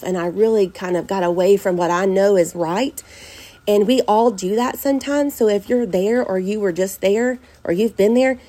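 A woman's voice: medium pitch, dark tone. A middle-aged woman, a podcast host talking earnestly and from the heart about faith to her listeners. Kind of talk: personal faith talk to listeners.

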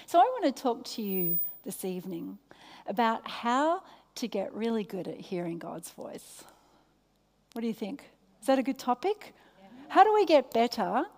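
Australian woman preaching in a hall. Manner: engaging, asks the audience questions; drops soft and low in prayer. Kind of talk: sermon with congregation banter. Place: church service. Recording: long reverb in a large hall.

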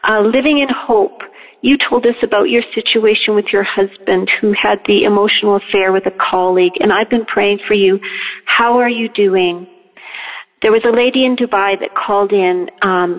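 A woman from Canada leaving a phoned-in message, gently and caringly asking after others. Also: medium pitch. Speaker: caller. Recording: tinny phone line with long reverb.

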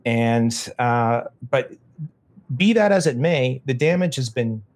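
A man's voice: medium pitch, lively intonation, slow, darkish tone. A man talking casually as a podcast guest, opinionated and rambling, often restarting his sentences. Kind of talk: casual conversation.

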